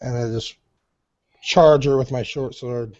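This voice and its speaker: A man playing at a tabletop game, describing his character's actions in a halting way, repeating words as he thinks aloud. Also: medium pitch, steady tone, darkish tone, muffled recording, a little hiss or hum. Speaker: player.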